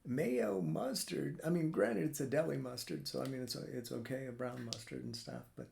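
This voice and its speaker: A man's voice: medium pitch, big pitch swings, a little fast, creaky, a little mellow. A middle-aged man chatting casually on a live stream from his home drawing room, rambling and swearing freely. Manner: rambling and profane, lots of fillers. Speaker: cartoonist streamer.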